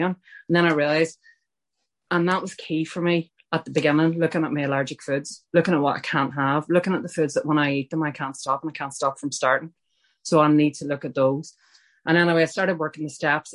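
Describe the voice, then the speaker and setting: A middle-aged woman from Ireland sharing her personal recovery story at a support meeting, candid and self-mocking, with chatty asides. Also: deep voice.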